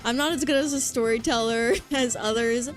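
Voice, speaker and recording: A woman VTuber chatting casually on a livestream, excitable and rambling with lots of fillers. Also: on the high side, moderate pace, faint music behind. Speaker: VTuber streamer.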